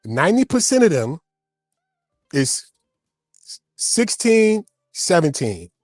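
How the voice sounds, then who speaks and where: A man arguing on a panel, slightly high in pitch, who stammers and repeats himself as he gets emotional. The sound is dry and close, with faint music underneath. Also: sing-song, slow pace, a little mellow, no echo. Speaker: panel guest. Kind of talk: heated panel debate.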